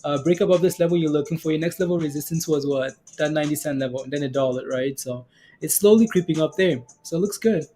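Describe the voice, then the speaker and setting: A man's voice: fairly high pitch, quick pace, warm tone, a little hiss or hum. Laid-back man hosting a stock livestream. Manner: laid-back, laughs a lot, asks for confirmation with "right?". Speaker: stock market livestream host. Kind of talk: casual live market chat.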